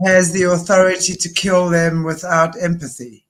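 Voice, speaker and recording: A man hosting a casual conversation, putting in halting, thoughtful remarks. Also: high-pitched, level tone, a bit bright.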